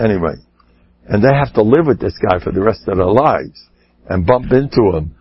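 A lively man spins comic tales in a husky voice, his pitch leaping as he imitates others. The recording is dull and lo-fi. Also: normal speed. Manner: animated, laughs at own stories, mimics people with rising voice. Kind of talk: humorous storytelling talk.

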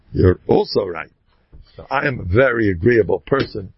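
A man giving an informal religious talk to an audience. He tells stories in an animated way, leaps up in pitch for emphasis and adds joking, self-deprecating asides. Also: moderate pace, husky, dry recording, highs cut off. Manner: animated storytelling, jumps high in pitch for emphasis.

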